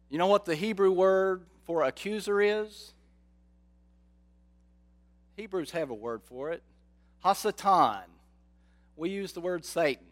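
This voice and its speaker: A man preaching a sermon, slow and dramatic, often asking his listeners rhetorical questions. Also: sits high, fairly bright tone.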